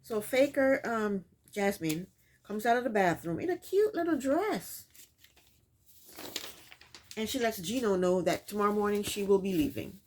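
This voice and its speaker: A woman's voice: medium pitch, expressive, normal speed, slight background noise. A woman hosting a casual recap of a reality show, telling the events in her own words and scolding the people in it. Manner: sassy, scolds the people on screen.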